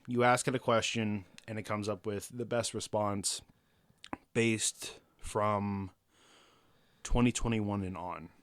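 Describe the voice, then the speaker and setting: A man's voice: lowish voice, steady tone, slow, smooth, no room sound. A man co-hosting a podcast, talking casually in a laid-back, dry way that often trails off. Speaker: podcast co-host.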